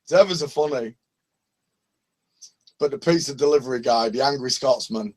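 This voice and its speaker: A man with a Northern English accent telling lively anecdotes in a casual open mic video call, laughing and swearing freely. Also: medium pitch, moderate pace, pauses often. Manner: animated storyteller, laughs often, swears. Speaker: open mic hangout participant.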